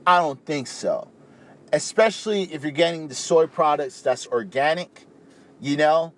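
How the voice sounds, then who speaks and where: A young man from the Caribbean, rambling in a casual, animated talk to camera and peppering his speech with "you know". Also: a little high, a little slow. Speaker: vegan speaker.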